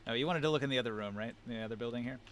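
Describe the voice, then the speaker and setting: A man running a tabletop game as game master, narrating scenes in a descriptive way and pausing to find words. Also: mid-range voice, a bit bright, a little hiss or hum.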